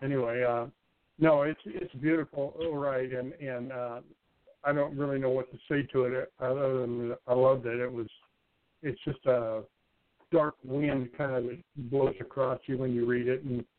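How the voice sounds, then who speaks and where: A man's voice: medium pitch, fairly even intonation, normal speed, no room sound. A man calling in to a poetry radio show, hesitant and groping for words. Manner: hesitant, full of fillers and restarts. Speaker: caller commenting on a poem. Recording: tinny phone line with faint noise.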